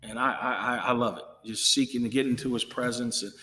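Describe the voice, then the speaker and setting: A man's voice: medium pitch, fairly even intonation, brisk, bright, forceful tone, a little hiss or hum. A middle-aged man, a pastor talking as a podcast guest in an earnest, emphatic way that drifts into preaching, often repeating words as he goes. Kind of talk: casual chat drifting into preaching. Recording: long reverb room.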